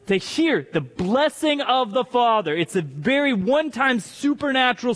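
A man preaching a sermon to a congregation, telling a story in a lively way with joking asides. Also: high-pitched. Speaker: pastor. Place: church hall with congregation. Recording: long reverb of a large hall.

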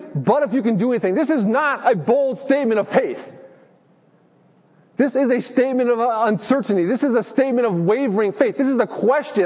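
Pastor, male, high voice, earnest sermon delivery, long reverb of a church hall. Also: darkish tone, breathy edge. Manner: earnest preaching, slows for emphasis.

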